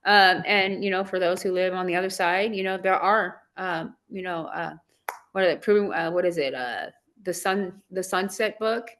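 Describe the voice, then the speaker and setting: A woman's voice: lowish voice, moderate pace, a bit bright. A woman from Southern California with a valley girl accent, hosting a casual online chat, bubbly and chatty, laughing often. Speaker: host.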